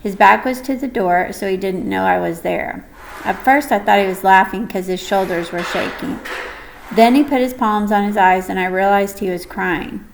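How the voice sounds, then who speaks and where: A woman reading a first-person audiobook story in a gentle, measured way. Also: mid-range voice, vocal fry, slight background noise, poor audio. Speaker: audiobook narrator.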